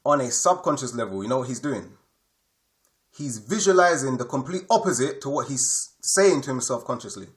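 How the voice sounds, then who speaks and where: A spiritual teacher with a medium-pitched, animated voice gives an explanatory lesson at a moderate pace. He repeats his points emphatically and checks in with his listeners.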